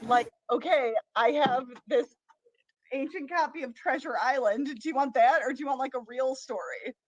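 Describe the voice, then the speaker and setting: A young woman who is a teen librarian and co-hosts a talk show, chatting casually and telling a story in an animated, self-interrupting way, laughing as she goes. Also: sits high, moderate pace, dry recording, dull audio. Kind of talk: casual chat and playful storytelling.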